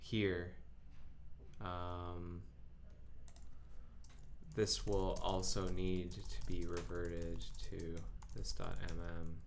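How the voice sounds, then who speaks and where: A man with a deep, gravelly voice talks his way through a coding session, musing out loud and pausing on ums. He narrates each step as he goes, and faint typing hisses in the background. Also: monotone. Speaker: host of a live coding stream. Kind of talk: live coding, thinking aloud.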